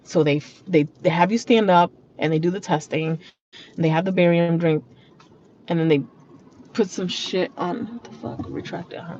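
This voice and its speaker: A woman's voice: lowish voice, fairly even intonation, moderate pace, darkish tone. A woman talking casually and bluntly to her viewers while driving, swearing freely as she chats. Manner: blunt and profane, chatty. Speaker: vlogger. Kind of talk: casual car vlog monologue. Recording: muffled lo-fi audio with road noise. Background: traffic and road noise.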